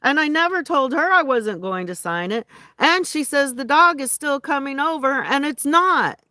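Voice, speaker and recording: A woman's voice: high-pitched, lively intonation, normal speed, bright, forceful tone, no room sound, clean studio sound. A woman ranting indignantly to her viewers in a rambling, casual way, often restarting her sentences. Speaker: vlogger. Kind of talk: casual venting rant to viewers.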